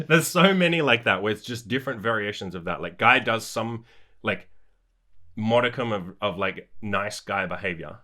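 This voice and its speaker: Low-voiced, blunt, swearing man. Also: moderate pace, sharp tone. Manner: profane, blunt and laid-back. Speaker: podcast host. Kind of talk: casual chat.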